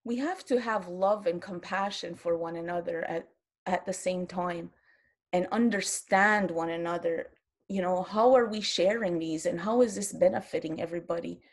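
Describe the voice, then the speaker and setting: A woman's voice: fairly low pitch, moderate pace. A woman in her fifties from Quebec, speaking as a panelist in an online round-table, earnest and impassioned, often restarting her sentences. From Quebec, Canada. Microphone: video call.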